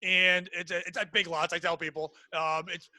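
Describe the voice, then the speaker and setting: A man's voice: high-pitched, flat delivery, normal speed, bright, forceful tone, dry recording. A man in his forties hosting a podcast, telling comic stories in a casual, self-deprecating way and swearing freely. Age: 40s. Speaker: podcast host. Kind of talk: casual comedic storytelling.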